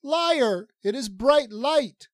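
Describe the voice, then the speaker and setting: A man voicing a wild, childlike young alien woman who talks in shrill, broken, sobbing bursts. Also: lively intonation, slow pace, no room sound, studio quality, full character voice. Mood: defiant.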